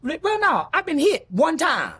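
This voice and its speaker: With a very high pitch, huge swings in intonation and a sharp tone, a middle-aged man tells a story as a sit-down interview guest, with no room sound. He's blunt and foul-mouthed, speeding through and voicing what others said.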